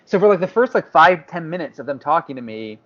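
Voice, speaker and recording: Over slightly dull lo-fi audio, a podcast co-host speaks quickly in a fairly high voice. He animatedly tells a story in casual chat, performing other people's quotes.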